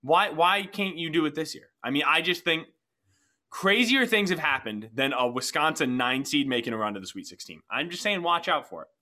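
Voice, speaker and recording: Bright-voiced man, playful sports co-host. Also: on the high side, expressive, moderate pace. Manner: playful, teasing. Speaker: podcast co-host. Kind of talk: casual sports chat.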